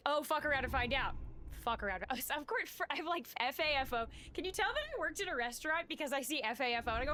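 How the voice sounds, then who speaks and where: A woman's voice: sits high, animated, a little fast, a bit bright, slight background noise. A woman streaming a game live, chatting casually and reading game text aloud, swearing and joking about herself. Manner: chatty, self-mocking, swearing.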